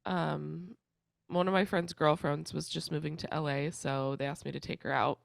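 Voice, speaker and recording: Stuffy-nosed young woman chatting on a podcast, low gravelly voice, says like a lot. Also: fairly even intonation, normal speed, no room sound, clean studio sound. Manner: chatty, rambling with fillers. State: congested. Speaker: co-host. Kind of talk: casual podcast chat.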